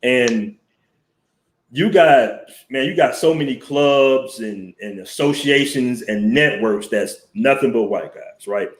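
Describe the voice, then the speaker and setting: A man's voice: mid-range voice, slow pace. Blunt man with an echoey sound. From Southern US. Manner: blunt, profane, chatty. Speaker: host. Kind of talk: casual live-stream storytelling. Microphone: headset mic with headphones.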